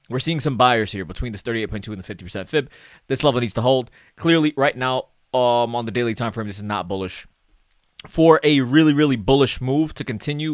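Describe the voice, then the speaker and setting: A man's voice: medium pitch, a bit bright, dry recording, clean studio sound. A man talking casually through market charts as a stock analyst, chatty and self-mocking, often tagging "okay?" and "right?".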